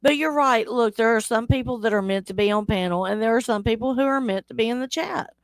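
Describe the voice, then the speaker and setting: A fast-talking woman with a voice on the high side chats casually with her stream audience, teasing them, laughing often and reading the chat aloud. It's studio-quality audio with no echo.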